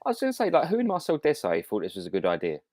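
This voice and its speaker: A man's voice: on the high side, huge pitch swings, racing, a little mellow, slight background noise. A man co-hosting a podcast over a video call, ranting in exasperation in casual chat. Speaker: podcast co-host.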